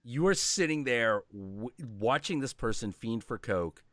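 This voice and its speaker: A man chatting on a livestream, swearing freely and acting out the people in his stories. His pitch swings widely as he tells them. The sound is dry and close. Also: lively intonation, unhurried, fairly bright tone, no room sound. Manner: profane, rambling storytelling with mock-quoted voices. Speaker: stream host. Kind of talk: casual chat.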